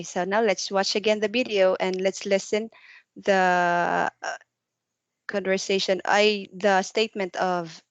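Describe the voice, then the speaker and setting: A woman tutoring English one to one over a video call, asking patient questions and explaining slowly with some non-native grammar. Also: medium pitch, no echo. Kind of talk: one-to-one online English lesson.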